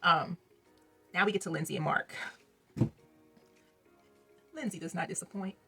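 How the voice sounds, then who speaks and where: A woman's voice: fairly low pitch, measured pace, pushed and bright, faint music behind. A young woman reviewing a reality TV episode in a chatty vlog, laughing often and throwing in slangy asides to her viewers. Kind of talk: casual commentary vlog.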